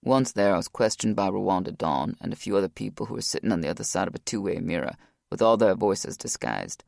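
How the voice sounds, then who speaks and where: A man voicing a grieving former Navy SEAL, deep and gravelly, telling his past in a low, weary way. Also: expressive, fairly quick, darkish tone, no echo, studio quality, exaggerated voice. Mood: guarded, weary.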